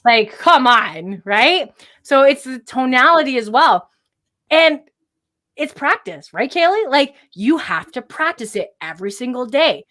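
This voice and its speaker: A woman co-hosting a podcast, talking in an energetic, emphatic motivational way and often checking in with "right?". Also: sits high, unhurried. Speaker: podcast co-host. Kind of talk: casual motivational chat.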